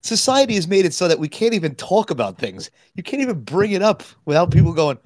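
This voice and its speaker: A man's voice: high-pitched, very animated, fast, darkish tone, no echo, studio quality. A man co-hosting a casual podcast chat, teasing and a little hesitant. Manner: teasing, hesitant, with many fillers. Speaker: podcast co-host.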